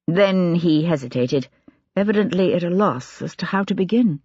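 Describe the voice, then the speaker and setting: An audiobook narrator reads at a measured, steady pace with a slightly husky voice. The recording is dry, with no room sound, and a little dull in tone. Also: medium pitch, dry recording.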